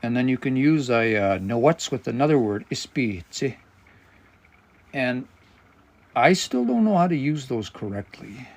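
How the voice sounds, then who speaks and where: A man leads a live language lesson, his voice gravelly with fry. He talks things through out loud, stopping now and then to find the right word while he explains the grammar. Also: mid-range voice, big pitch swings, a little slow. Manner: thinking aloud, explanatory, searching for words. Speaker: language teacher and livestream host.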